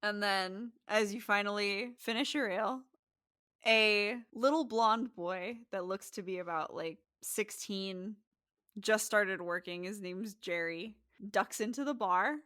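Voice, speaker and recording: A woman's voice: mid-range voice, a little slow, fairly bright tone, clear, resonant tone, no room sound, studio quality. A woman narrating a tabletop game as game master, chatty and laughing as she goes.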